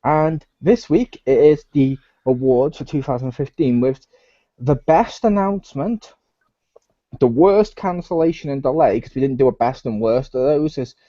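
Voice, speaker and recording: A man's voice: medium pitch, normal speed, dark tone, no echo, muffled recording. A man hosting a casual gaming podcast, joking and laughing as he rambles. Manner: jokey, laughs often, rambling. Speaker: podcast host. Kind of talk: casual chat.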